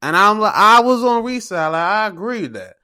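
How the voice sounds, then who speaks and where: Excitable, slangy man with a bright voice. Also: high voice, fairly quick, smooth. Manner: excitable and slangy, swears freely; retells games by acting out his own reactions. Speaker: sports podcast host. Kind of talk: casual sports recap chat.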